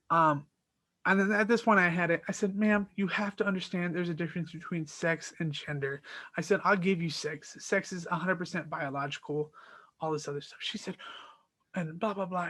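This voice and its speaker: A man hosting his own podcast, telling the story of an argument in a casual, animated and exasperated way, acting out both sides of the dialogue. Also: high-pitched, normal speed, dry recording. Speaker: podcast host.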